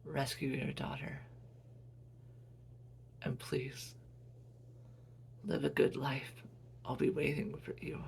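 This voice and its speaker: A man's voice: medium pitch, flat delivery, slow, pauses often, a little hiss or hum. A man whispering as a dying older mother. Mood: tender farewell. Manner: soft breathy whisper.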